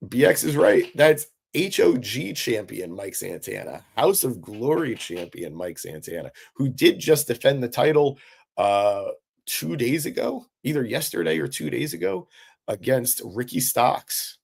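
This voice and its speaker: A man's voice: medium pitch, big pitch swings, unhurried, vocal fry, slightly rough. A man hosting a live-stream recap, talking casually and with enthusiasm, answering chat with lots of fillers. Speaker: wrestling recap host.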